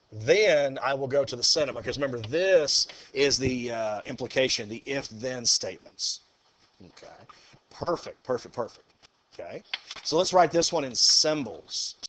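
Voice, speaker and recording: A man's voice: mid-range voice, a bit bright, slight background noise. A male math teacher lecturing a class, upbeat and encouraging as he works through problems aloud.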